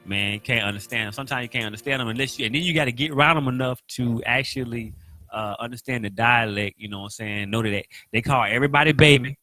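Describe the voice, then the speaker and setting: Playful Southern man, bright voice. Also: medium pitch, fast, no echo, soft background music. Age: young adult. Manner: playful, teasing, acts out others' voices. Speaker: co-host. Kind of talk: casual chat.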